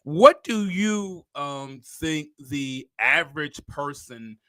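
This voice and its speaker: Bright, high-voiced preacherly male host. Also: expressive, dry recording, clean studio sound. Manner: drawn-out, preacherly, repeats phrases for emphasis. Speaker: podcast host. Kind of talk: casual interview talk.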